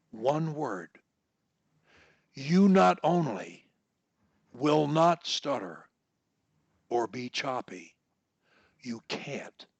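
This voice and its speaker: A man coaching one-on-one over a video call, explaining techniques in a deliberate, instructive way and drawing words out. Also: medium pitch, no echo. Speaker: speech coach.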